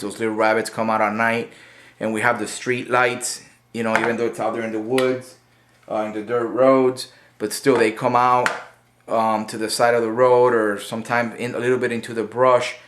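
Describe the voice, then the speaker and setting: A middle-aged man talks through a product review in a loose, casual way. His voice sits a little low, and he wanders with fillers, restarts and asides. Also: a bit bright. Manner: rambling, many fillers and restarts. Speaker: gun reviewer. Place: Florida.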